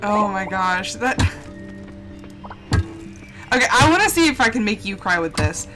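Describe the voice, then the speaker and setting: A woman's voice: mid-range voice, very animated, unhurried, pushed and bright. A young woman chatting casually while she streams a game live, gushing and emotional, laughing often and exclaiming a lot. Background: game music.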